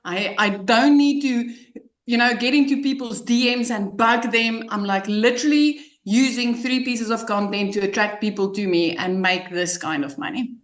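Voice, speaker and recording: A woman with a South African accent giving an emotional, excited testimonial as a guest. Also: fairly high pitch, moderate pace, roomy sound. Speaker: guest client.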